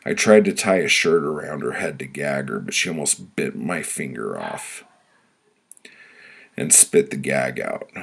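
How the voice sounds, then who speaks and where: A man reads his own story aloud, deadpan and blunt, breaking into loud shouts at times. His voice sits very low and gravelly, with a husky edge. The telling stays plain and unhurried. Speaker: author reading his own work. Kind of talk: spoken-word storytelling.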